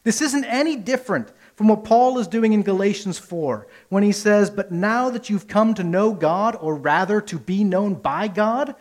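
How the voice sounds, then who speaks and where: A man preaching a sermon with earnest, emphatic delivery, using rhetorical questions and repetition, rising to loud peaks and dropping soft. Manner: earnest, rises to emphatic peaks then drops low. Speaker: pastor.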